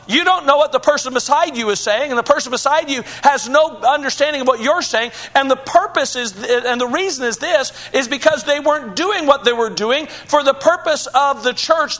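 A pastor with a drawl delivers a verse-by-verse sermon in a strikingly high voice. He preaches earnestly, posing rhetorical questions and restarting his phrases as he works through the passage. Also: fairly bright tone.

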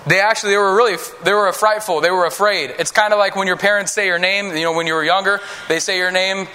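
A man's voice: sits high, steady tone, fast talker, pushed and bright. A man giving a children's sermon in a conversational way, acting out Bible characters in voices. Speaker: preacher teaching children.

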